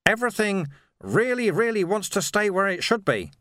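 A man voicing a calm, patient old male monk who speaks in a matter-of-fact way. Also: high-pitched, moderate pace, no echo, clean studio sound, voice pushed up.

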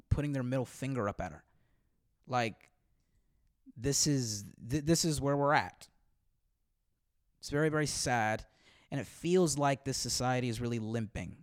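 A man's voice: mid-range voice, no echo, clean studio sound. A man, a comedian on a podcast, ranting heatedly with lots of swearing and repeated words. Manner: heated, profane, repeats words when worked up. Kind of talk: podcast rant. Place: Los Angeles.

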